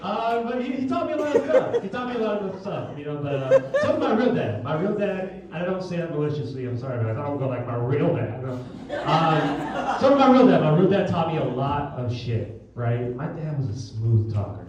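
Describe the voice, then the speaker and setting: A man's voice: on the high side, very animated, fairly quick, hardly any pauses, a crowd in the background. A young man doing a crude, self-mocking stand-up set on a small theatre stage, filmed from the audience on a phone. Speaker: stand-up comedian. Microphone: phone camera in the audience. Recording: echoey theatre filmed from far off. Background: audience laughter.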